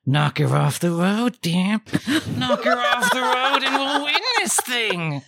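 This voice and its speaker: A man's voice: very high voice, big pitch swings, slow pace, creaky, very noisy, voice pushed up, heavily acted. A man voicing a haunted doll spirit with a sinister but sweet childlike voice, whispering and coaxing.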